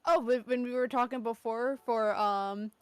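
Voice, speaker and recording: Chatty young woman, fairly high voice. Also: fairly even intonation, normal speed, clean tone, no echo, soft background music. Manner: easygoing, chatty, thinks aloud with ums. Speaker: co-streamer friend. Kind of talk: casual chat with friends.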